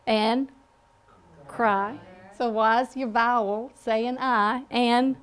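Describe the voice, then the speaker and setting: Slow Southern American woman teacher. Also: a little high, steady tone. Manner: slow, patient, with frequent "okay?" check-ins. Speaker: phonics teacher. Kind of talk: classroom lesson. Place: classroom.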